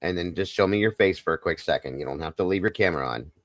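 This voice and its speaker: A man hosting a live stream, talking softly and consolingly to viewers in the chat. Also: sits low, quick pace, no room sound, clean studio sound. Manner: soft, consoling, emotional. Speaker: livestream host.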